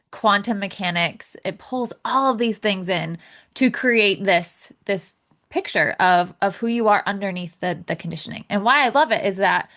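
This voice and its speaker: A young adult woman hosts her own podcast and talks through it in a loose, chatty way. She fills her sentences with "like" and "you know" and laughs lightly between thoughts. Her voice sits at an ordinary middle pitch for a woman. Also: a bit bright. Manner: chatty, full of fillers and laughs. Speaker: podcast host. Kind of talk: casual solo podcast talk.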